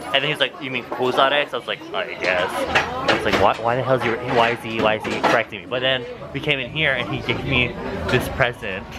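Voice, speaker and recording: A young man chatting casually to his camera as a vlogger, animated and swearing freely, with big jumps in pitch. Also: brisk. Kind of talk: casual vlog chat. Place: out and about, streets and cafés.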